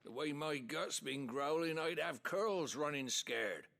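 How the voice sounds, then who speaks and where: A man's voice: on the high side, expressive, measured pace, gravelly, fairly bright tone, heavily acted. A man voicing a stern, blunt male prison guard in a fantasy video game.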